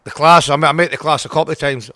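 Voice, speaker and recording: A man's voice: a little high, fairly even intonation, very fast, pushed and bright, dry recording, studio quality. A Scottish man in his sixties, a punk singer being interviewed, blunt and full of swearing, often restarting his sentences. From Scotland. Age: 60s. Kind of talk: casual interview.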